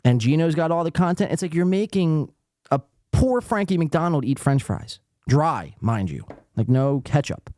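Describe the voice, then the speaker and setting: A man's voice: normal speed, dry recording, clean studio sound. Ranting, sarcastic male podcast host. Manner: lively, jumpy pitch. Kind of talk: casual live-stream commentary.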